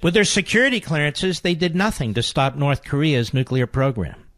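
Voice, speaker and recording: A man's voice: a little high, animated, normal speed, a bit bright, no echo, clean studio sound. A man hosting a talk radio show, delivering an indignant political monologue with heavy repetition.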